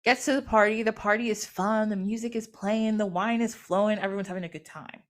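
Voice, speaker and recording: Podcast lady telling a myth, animated, giggly, acts out everyone. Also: mid-range voice, fairly quick. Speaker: podcast host. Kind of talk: casual storytelling.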